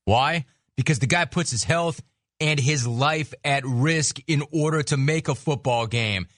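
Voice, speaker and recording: A man's voice: fairly high pitch, a bit bright, no echo, clean studio sound. Sarcastic male sports radio host. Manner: sarcastic, mocking, rapid riffs. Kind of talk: sports talk radio monologue.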